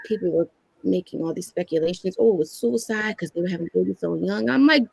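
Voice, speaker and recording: A woman in her thirties tells her own story as a podcast guest and lives through the voices of the people in it. Her voice has a gravelly, fry-laced texture, and the recording is dry and close with no room sound. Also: on the low side, fast, no echo, rough recording. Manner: candid, animated storytelling that acts out quoted lines. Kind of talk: personal storytelling in a podcast interview.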